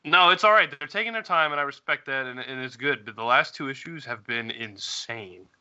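A man's voice: mid-range voice, fairly quick, sharp tone, clear, resonant tone. A young man co-hosting a casual podcast chat, talking in a rambling, self-deprecating way. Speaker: podcast co-host. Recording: dull lo-fi sound.

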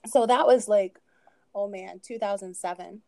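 A woman's voice: mid-range voice, unhurried, vocal fry, dark tone, no room sound. A woman in her thirties, a podcast guest, telling her own story in a candid, conversational way with frequent asides and laughter.

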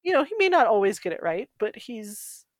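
A woman's voice: fairly high pitch, sing-song, normal speed, no room sound. Laughing woman podcast co-host, dry sound. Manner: thoughtful, laughs often. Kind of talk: casual chat.

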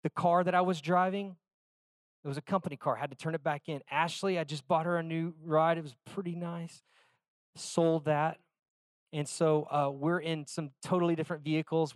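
A man preaching a sermon in a fairly high voice, talking in a relaxed, storytelling way. He drops to quiet asides now and then and slows down to read scripture. The sound is dry and close. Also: dry recording. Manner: conversational storytelling with soft asides, reads scripture slowly. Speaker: pastor.

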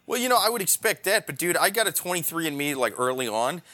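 A man's voice: fairly high pitch, very animated, fast talker, bright, forceful tone. A man co-hosting a podcast in casual chat, joking and spinning absurd stories. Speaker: podcast co-host.

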